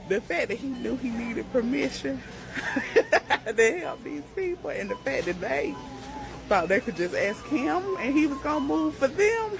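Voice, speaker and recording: A woman's voice: high-pitched, animated, measured pace, vocal fry, over music, rough recording. A woman telling a storytime vlog from a grocery store, in an amused, sassy and chatty way.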